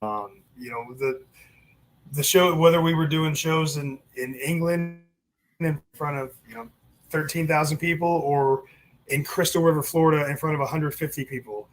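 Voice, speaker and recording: A former referee, a man with a fairly high voice, recounts backstage stories in a casual interview. He acts out the lines other people said to him, swearing and laughing as he goes. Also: moderate pace. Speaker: former wrestling referee, guest.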